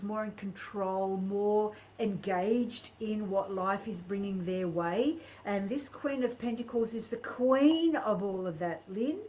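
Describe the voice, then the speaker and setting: A woman reading tarot on a live stream, speaking in an earnest, encouraging and animated way. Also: mid-range voice, poor audio.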